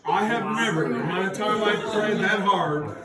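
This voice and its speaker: A man giving a son-in-law's speech, telling a comic story in an animated way and laughing as he goes. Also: high-pitched, normal speed, heavy background noise. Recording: echoey hall from far off with crowd.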